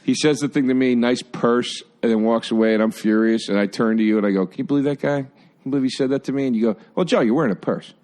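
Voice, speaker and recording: A man, a guest on a podcast, telling excitable, laughing stories in casual chat. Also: fast talker. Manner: excitable, laughing storyteller with lively swings in pitch.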